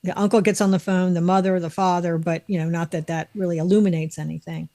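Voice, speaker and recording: A woman's voice: on the low side, steady tone, quick pace, warm tone. A woman, a guest, telling a long story on a video call in a chatty, rambling way with many fillers. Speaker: guest, state director.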